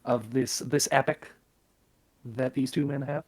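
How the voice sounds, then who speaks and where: A man's voice: medium pitch, fairly even intonation, a little mellow, no echo. Joking man on a dry, odd mic. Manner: joking, quick to laugh. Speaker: podcast host. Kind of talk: casual podcast chat. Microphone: odd-sounding mic.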